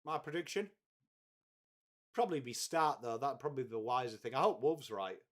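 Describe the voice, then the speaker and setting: Sweary stream host. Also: male voice, mid-range voice, lively intonation, a little fast. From England. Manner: chatty, swears freely, greets viewers by name. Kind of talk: casual live watchalong chat.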